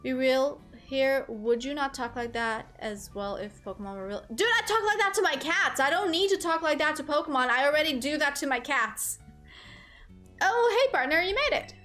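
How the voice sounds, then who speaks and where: Animated high-voiced woman streamer. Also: brisk, hardly any pauses, soft background music. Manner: animated, talks to chat and reads game lines aloud. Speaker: gaming streamer. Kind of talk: casual gameplay commentary.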